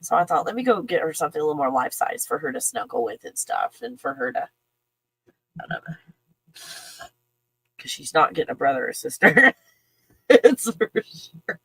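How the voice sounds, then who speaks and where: A woman talking in an emotional, halting casual monologue, breaking off with sighs and soft laughs. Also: low-pitched, very animated, gravelly, slightly rough, no room sound, rough recording. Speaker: channel host.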